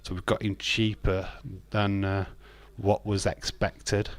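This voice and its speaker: Low-voiced chatty man on a live stream. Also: little pitch movement, takes it slowly. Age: adult with children. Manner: chatty, laughs often, answers viewer comments. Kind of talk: casual live stream chat.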